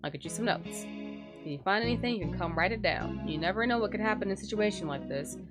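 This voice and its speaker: A woman voicing a relaxed male school handyman in a game, putting on a country accent and a slow drawl, with music behind. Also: mid-range voice, close to an everyday voice. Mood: calm. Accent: put-on country. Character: laid-back easygoing male school handyman.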